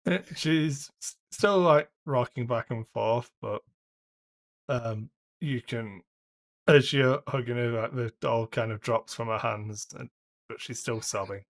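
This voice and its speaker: Slow-paced male game master. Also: medium pitch. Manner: halting narration with frequent ums. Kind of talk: narrating a tabletop game.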